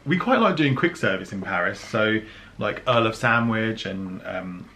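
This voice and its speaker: A man's voice: fairly low pitch, lively intonation, measured pace, bright, forceful tone, slight background noise. A man from the UK chatting casually about travel plans as a vlogger, laughing often and using lots of fillers. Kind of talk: casual chat.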